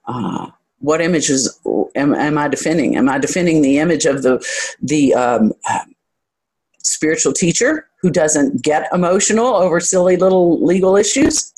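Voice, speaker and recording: A spiritual teacher giving a reflective talk to a group, speaking candidly about their own experience and often pausing to search for the next thought. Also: mid-range voice, expressive, a little mellow, husky. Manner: candid and self-reflective, with light self-deprecating humor.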